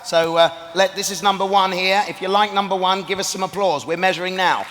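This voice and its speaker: A man hosting a convention panel on stage, wry and brisk as he announces each step. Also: sits high, steady tone. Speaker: panel host. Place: large convention hall stage with a live audience. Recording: long hall reverb, loud crowd and noise.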